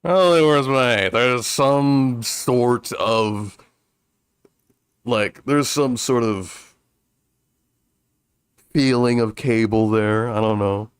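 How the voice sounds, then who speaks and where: A man's voice: mid-range voice, steady tone, extremely slow, pauses often, clear, resonant tone, no echo, studio quality. A male streamer chatting casually during a game, rambling with restarts and frequent chuckles. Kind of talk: casual let's-play chat.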